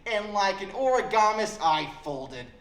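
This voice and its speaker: A young man telling a crude, deadpan comic story at a college open mic. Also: sits high, measured pace. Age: young adult. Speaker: stand-up comedian. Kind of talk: stand-up comedy storytelling. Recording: roomy hall with faint background noise.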